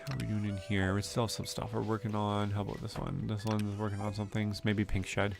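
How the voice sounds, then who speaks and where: Chatty low-voiced young man streaming. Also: level tone, fairly quick, vocal fry, over music. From Canada. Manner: chatty, reads and answers chat, many "like" fillers. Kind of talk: casual livestream chat with viewers.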